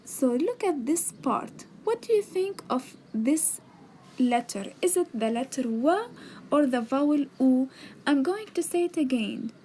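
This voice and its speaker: A woman's voice: sits high, animated, a little slow, warm tone, slight background noise. A woman teaching a beginners' alphabet lesson, patiently sounding out letters and words and explaining each step. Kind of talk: slow explanatory lesson narration. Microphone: tablet microphone.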